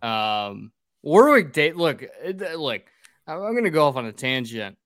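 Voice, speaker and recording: A man's voice: a little high, very animated, unhurried, a bit bright, dry recording. A man hosting a casual drinking podcast, recapping a film plot in a profane, rambling way.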